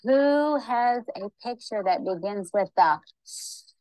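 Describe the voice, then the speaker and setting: A woman's voice: medium pitch, animated, takes it slowly, darkish tone, dry recording, low-quality recording. A woman teaching young children, patiently sounding out letters and sounds. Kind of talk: classroom teaching. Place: classroom.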